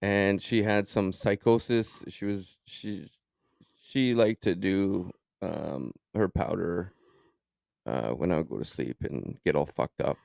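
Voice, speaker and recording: A man with a low, gravelly voice tells a personal story in a loose podcast chat. He is animated and profane, jumping into quoted lines as he goes. The room sounds close and dry. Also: takes it slowly, dry recording. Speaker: podcast co-host.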